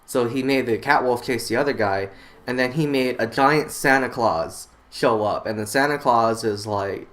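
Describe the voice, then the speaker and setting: Guy rambling thru a weird dream story, uhs and likes everywhere, mid pitch. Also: moderate pace, fairly bright tone. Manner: rambling, lots of fillers and restarts. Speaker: channel host. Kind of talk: casual storytelling about a dream.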